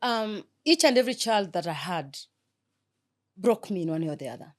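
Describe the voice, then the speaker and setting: A woman's voice: mid-range voice, expressive, moderate pace. A middle-aged woman, talking earnestly and with feeling as an interview guest. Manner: earnest, heartfelt, soft-spoken. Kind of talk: emotional interview talk.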